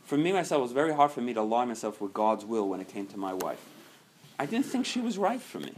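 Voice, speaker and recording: A man leading a recovery group meeting, talking earnestly and swinging from soft, quiet stretches to loud, emphatic ones. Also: mid-range voice, very animated, quick pace, slightly rough.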